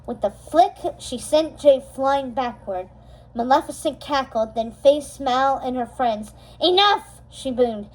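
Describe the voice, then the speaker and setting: A woman reading a storybook chapter aloud, steady and expressive, slowing down for dramatic moments. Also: high voice, low-quality recording. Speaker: storybook reader. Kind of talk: storybook read-aloud narration.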